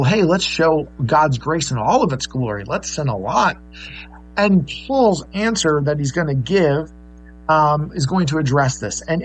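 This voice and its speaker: A man's voice: on the high side, rough recording. A man preaching a sermon, earnest and explaining, with many fillers and restarts. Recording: faint mains hum.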